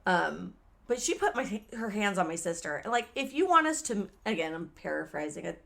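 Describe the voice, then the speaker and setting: A woman co-hosting a podcast, telling a story in casual chat, animated and swearing, acting out quoted lines loudly. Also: mid-range voice, fairly quick, creaky. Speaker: podcast co-host.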